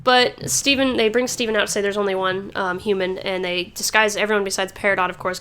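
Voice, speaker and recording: A woman talks through her podcast in a loose, rambling way, full of fillers and restarts and frequent laughter. Her pitch sits in a typical middle range for a woman. The delivery is casual and chatty. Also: fairly bright tone. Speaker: podcast host. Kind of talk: casual chat.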